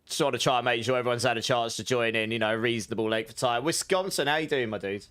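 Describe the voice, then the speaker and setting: Smooth-voiced man chatting with his stream. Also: medium pitch, quick pace, fairly bright tone. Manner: chatty, laughs often, greets chat by name. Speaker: game streamer. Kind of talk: casual livestream chat with viewers.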